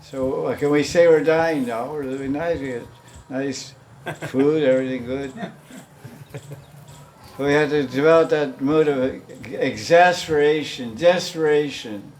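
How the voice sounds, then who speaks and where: A man's voice: a little high, a little slow, slight background noise. A man teaching a devotional class in a loose, conversational way, often chuckling and acting out the pleas he quotes. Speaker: spiritual teacher.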